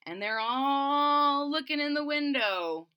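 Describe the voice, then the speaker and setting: A woman reading a picture book aloud to children, pausing to explain the story. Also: sits high, expressive, pushed and bright. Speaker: storybook reader.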